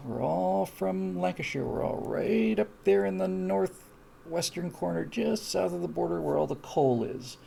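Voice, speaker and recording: A man's voice: high-pitched, unhurried, creaky, dark tone, a little hiss or hum. A man hosting a live stream, reading out viewer comments in a casual, wry, digressive chat that often breaks off and restarts. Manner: wry, digressive, self-interrupting.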